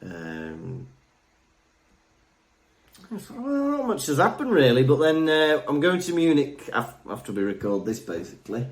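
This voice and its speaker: Speaking at a measured pace in a mid-range voice, this young male podcast co-host keeps the chat casual. His style wanders and jokes around, with animated storytelling.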